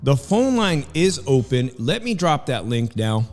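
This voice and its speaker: A man of middle pitch hosts a casual live stream from home, sliding between blow-by-blow fight calls and rambling chat. He talks while chewing food, and his voice carries a long hall-like reverb with faint music underneath. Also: big pitch swings, measured pace, darkish tone. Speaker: livestream host and fight commentator. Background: background music.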